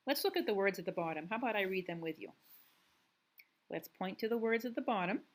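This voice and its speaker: In a recorded remote lesson, a woman teacher with an animated, medium-pitched voice reads a worksheet aloud to young students. She reads slowly and deliberately, drawing out words in a patient, encouraging classroom tone.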